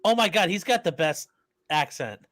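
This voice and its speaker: A man's voice: sits high, expressive, moderate pace, a bit bright, no room sound, studio quality. A man co-hosting a casual live stream who chimes in eagerly. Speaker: stream co-host.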